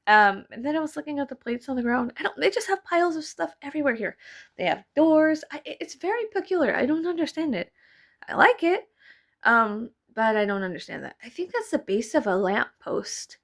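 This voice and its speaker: A young woman talks over her own footage in a loose, rambling way, dropping casual swears and little laughs. Her voice sits a bit high, with a gravelly, fried edge on it. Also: sing-song, a little fast. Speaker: vlogger. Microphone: voice-over mic.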